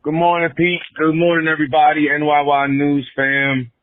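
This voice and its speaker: A man in his forties, a caller on a sports talk show, ranting angrily about his team with swearing and loud outbursts. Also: a little high, completely flat delivery, normal speed, dry recording. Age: 40s. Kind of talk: angry sports fan rant. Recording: tinny phone line.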